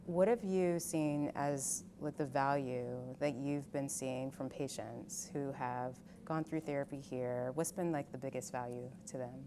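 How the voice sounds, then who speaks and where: A woman interviewer with a very low-pitched voice asks her questions loosely, filling gaps with "like." Noticeable background noise runs under her speech. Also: fairly even intonation, a little slow, few pauses. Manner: asks questions with hedging likes.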